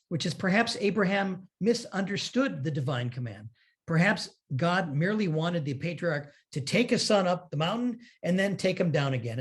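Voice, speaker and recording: A rabbi speaking in a conversational interview, explaining scripture thoughtfully and telling stories with animation and frequent laughter. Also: male voice, on the high side.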